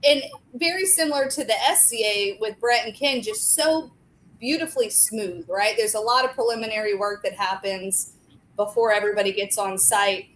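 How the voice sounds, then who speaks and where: A woman's voice: mid-range voice, moderate pace, a bit bright, a little hiss or hum, poor audio. A woman in her forties, a restaurant co-owner and guest, chatting in a talkative, enthusiastic way. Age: 40s. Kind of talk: casual chat.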